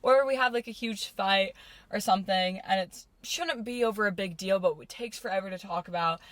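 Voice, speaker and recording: A woman's voice: medium pitch, fairly bright tone, no room sound. Teenage girl chatting, dry close mic. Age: teens. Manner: chatty, quick, backchannels often. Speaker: podcast co-host. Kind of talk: casual chat.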